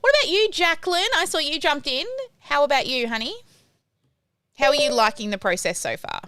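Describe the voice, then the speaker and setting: A woman's voice: high-pitched, lively intonation, fairly quick, sharp tone, no room sound. A woman coaching a group on a live video call, encouraging and direct, chatting with plenty of fillers. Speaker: online business coach.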